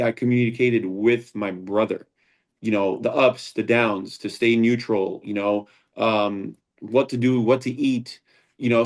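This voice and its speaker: A man's voice: on the low side, a little mellow. A man, a founder and combat sports instructor, talking as a guest in a casual interview, earnest and rambling, with frequent restarts.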